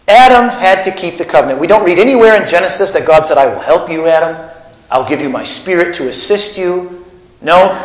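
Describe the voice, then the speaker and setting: A man's voice: high-pitched, echoey room, rough recording. A man preaching a teaching sermon, putting questions to his congregation. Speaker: pastor. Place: church.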